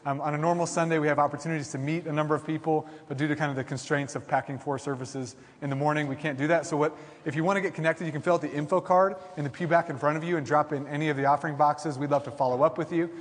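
A man's voice: on the high side, fairly even intonation, racing, few pauses. A man pastor preaching a sermon, building with repeated declarations and frequent restarts. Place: large church hall. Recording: long hall reverb.

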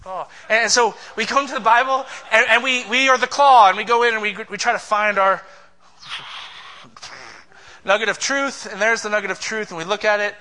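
A man's voice: high-pitched, steady tone, fairly quick, bright, forceful tone. A man preaching a sermon as pastor, in an emphatic, passionate way.

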